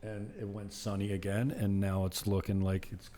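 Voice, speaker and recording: Deep husky guy rambling on to his camera, mellow tone, wanders off topic a lot. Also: little pitch movement, moderate pace, slight background noise. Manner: self-deprecating, wandering off topic. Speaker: vlogger. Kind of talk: rambling casual monologue to camera.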